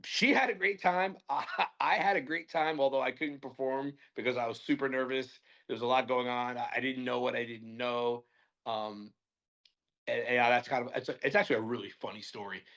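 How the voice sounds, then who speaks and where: Podcast guest, young adult man, chatty storyteller who restarts sentences a lot; average pitch, muffled audio. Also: fairly even intonation, brisk, fairly bright tone. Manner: rambling, lots of "like" fillers and restarts. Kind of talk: casual storytelling chat.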